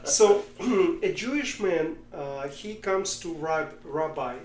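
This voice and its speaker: A man co-hosting a podcast, talking politics casually in a halting way and telling jokes. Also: fairly high pitch, animated, roomy sound. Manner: halting, with many fillers and restarts, telling jokes. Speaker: podcast co-host.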